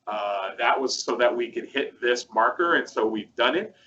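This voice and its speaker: Chatty male presenter, bright forceful tone, rambling filler-heavy delivery; dull lo-fi audio. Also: medium pitch, moderate pace, slight background noise. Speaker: co-host presenting a product demo. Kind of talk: casual webcast chat.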